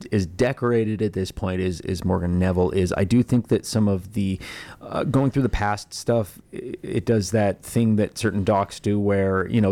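A man's voice: low voice, a little mellow. A man chatting casually as a film reviewer, rambling with many fillers and restarts.

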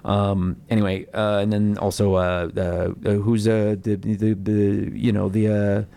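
A man's voice: fairly low pitch, level tone, measured pace, gravelly, warm tone, clear, resonant tone. A man chatting casually as a film reviewer, rambling with many fillers and restarts.

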